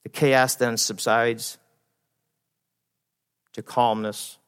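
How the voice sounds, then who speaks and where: A man's voice: mid-range voice, flat delivery, drawn-out words, fairly bright tone, clear, resonant tone. A man delivering a sermon from the pulpit, with a mid-range voice and a long church-hall reverb trailing each phrase. He preaches with animation, slipping into frantic worried inner voices and laughing along with his own stories. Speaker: pastor.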